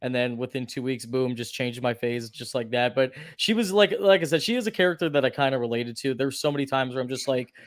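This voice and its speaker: A man's voice: mid-range voice, lively intonation, fast, hardly any pauses, no echo. Chatty man on a film panel, dry sound. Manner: chatty, many fillers, shares personal stories. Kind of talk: casual film review chat.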